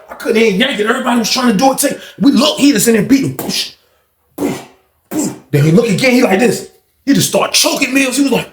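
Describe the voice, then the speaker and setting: A man casually telling a long story, acting out other people's lines and rising to shouts at the tense parts. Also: extremely high pitch, fairly quick, long pauses, echoey room. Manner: animated retelling, acts out others' voices, rises to shouting.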